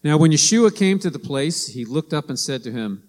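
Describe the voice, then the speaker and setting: A man's voice: animated, normal speed, few pauses, darkish tone. Preaching man in a reverberant hall. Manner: storytelling, acts out quoted lines with rising pitch. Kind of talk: sermon.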